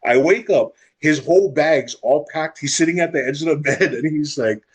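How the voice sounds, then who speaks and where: A young man from Hawaii, telling a wild personal story in a fast, unfiltered way as a podcast guest. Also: on the high side, husky. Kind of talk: casual storytelling.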